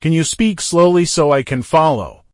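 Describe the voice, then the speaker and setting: A man's voice: a little high, normal speed, dry recording, studio quality. A man reading everyday English phrases for beginners, saying each short phrase and then repeating it inside a longer sentence. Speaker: English teacher. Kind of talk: reading example phrases for learners.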